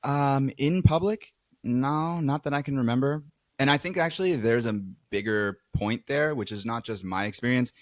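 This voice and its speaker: A man's voice: mid-range voice, normal speed, no echo, studio quality. A man from New York, a podcast guest talking earnestly and reflectively about dating, with many "like"s. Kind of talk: casual interview chat.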